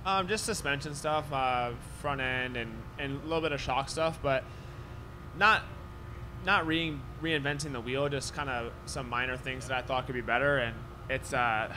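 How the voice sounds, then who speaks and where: A man, a racer at a post-race press conference, giving relaxed, plain answers with fillers. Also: mid-range voice, normal speed, noisy background.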